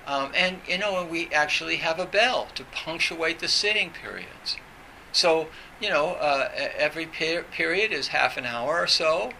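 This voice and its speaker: A man gives an informal Zen dharma talk, his voice very bright and cutting with a slightly high pitch. He meanders through his story, restarting phrases and filling gaps with "you know". Faint noise hums underneath. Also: normal speed, gravelly, rough recording.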